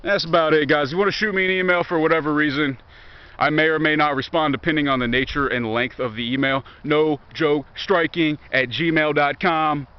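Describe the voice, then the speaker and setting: A man's voice: on the high side, fairly even intonation, a little fast, clean tone. Young man, Southern Virginia accent, profane sarcastic walk-and-talk vlogger, muffled outdoor phone audio. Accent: Southern American, Virginia. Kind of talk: rambling walk-and-talk monologue. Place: outdoors in woods near a highway.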